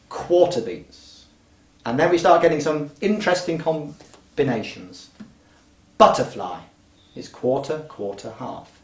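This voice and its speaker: A middle-aged man giving a patient, clear, step-by-step explanation as a music teacher trainer. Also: medium pitch. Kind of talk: instructional explanation. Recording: roomy sound from a distant mic.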